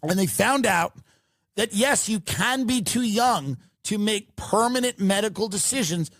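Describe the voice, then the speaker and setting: A man's voice: sits high, expressive, measured pace, a bit bright, dry recording, clean studio sound. A man hosting a podcast, delivering a mocking comedic rant and swearing freely. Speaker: podcast host.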